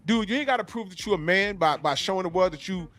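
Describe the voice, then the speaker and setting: A man's voice: sits high, fast, fairly bright tone. A man co-hosting a podcast, talking in casual, profane, mocking banter. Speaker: podcast co-host.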